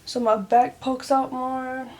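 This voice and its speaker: A woman's voice: high voice, flat delivery, slow, darkish tone, slight background noise. A woman vlogging a casual storytime to her viewers, chatty and emotional, full of "like" and calls of "y'all". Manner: chatty, heavy use of "like", addresses viewers as "y'all"; emotional, speaks openly and earnestly.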